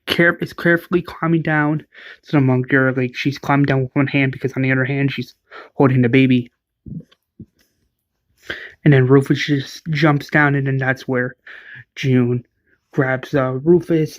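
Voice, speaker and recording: Young guy slowly rambling through his fan story, lots of uh and like, dry sound. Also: medium pitch, no room sound. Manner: rambling, with many fillers and restarts. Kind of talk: casual story retelling.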